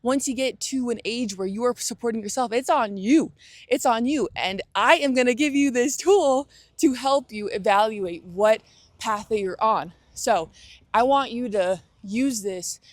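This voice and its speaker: A woman's voice: fairly high pitch, measured pace, no echo. A young adult woman hosting a motivational talk, speaking earnestly with frequent restarts and acted-out inner thoughts. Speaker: host.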